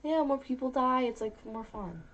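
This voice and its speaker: A woman's voice: sits high, moderate pace, dull audio, over a noisy crowd. A young woman co-hosting a casual gaming podcast, blunt and teasing. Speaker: podcast co-host. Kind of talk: casual chat.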